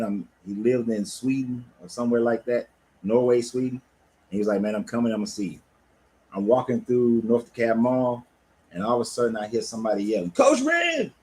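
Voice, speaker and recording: This mid-range male voice comes through a low-quality recording. The speaker, a life coach who owns a cigar lounge, talks casually and profanely on a livestream from there, with relaxed, animated storytelling.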